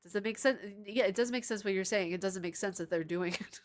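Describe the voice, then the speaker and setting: A woman's voice: medium pitch, fast, slight background noise. A woman streaming live, chatting casually and answering viewer comments, rambling into tangents and laughing often.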